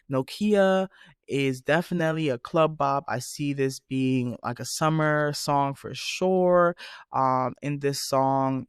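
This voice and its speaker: A man hosting a podcast, giving a casual, animated and profane review of new music. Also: medium pitch, smooth, no room sound, clean studio sound. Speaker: podcast host.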